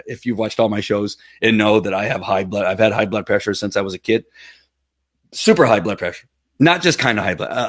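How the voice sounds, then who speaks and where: A man's voice: medium pitch, a bit bright, no room sound, studio quality. A middle-aged man hosting a casual livestream, talking in an earnest, rambling way with many fillers and restarts. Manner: earnest and emotional. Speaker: livestream host.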